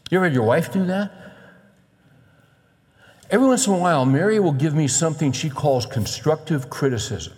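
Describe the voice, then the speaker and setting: A middle-aged male pastor preaching a sermon in an animated way, acting out the voices he quotes. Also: on the high side, brisk, long pauses. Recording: long reverb of a large hall.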